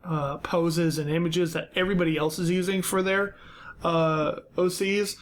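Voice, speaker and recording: A man's voice: fairly high pitch, fairly even intonation, normal speed. A young man hosting a podcast, giving blunt, unscripted critique in a casual way, with many fillers and restarts. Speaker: podcast host.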